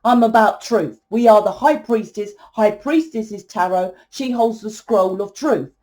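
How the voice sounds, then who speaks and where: A woman's voice: medium pitch, measured pace, mellow. A woman giving a tarot reading in a fiery, blunt monologue, swearing freely and asking "right?" often. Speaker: tarot reader.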